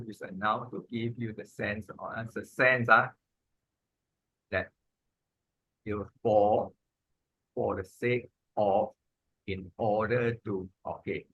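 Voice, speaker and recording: A man, teaching Pali grammar in an informal lesson, halting and repeating himself, with many "ah" and "lah" fillers. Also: lowish voice, steady tone, gravelly, a bit bright, breathy edge, no echo, highs cut off.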